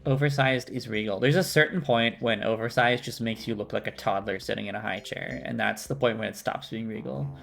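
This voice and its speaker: Gravelly-voiced guy streaming a game, chill and joking around. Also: medium pitch, fairly quick, few pauses, a bit bright, faint music behind. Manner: casual, amused, swears freely. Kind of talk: live game commentary.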